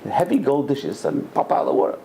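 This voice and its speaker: Male rabbi, gravelly voice, lively storytelling lecture, faint room hiss. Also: mid-range voice, rapid-fire. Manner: animated storyteller, repeats phrases, acts out quoted voices. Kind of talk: Torah class lecture with storytelling.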